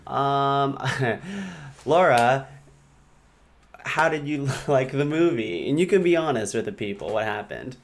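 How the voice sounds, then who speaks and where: A man's voice: mid-range voice, lively intonation, takes it slowly, creaky. A man hosting a casual movie podcast, talking in an upbeat, rambling way with many fillers and restarts. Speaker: podcast host. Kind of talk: casual movie chat on a live stream.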